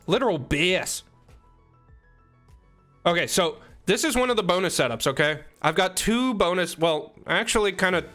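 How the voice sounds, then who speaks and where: A man's voice: fairly high pitch, sharp tone. A young man streaming a game, chatting casually with his viewers, joking and teasing between explanations, on a desk microphone. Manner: joking, teasing chat, rambling asides. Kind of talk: casual live-stream chat.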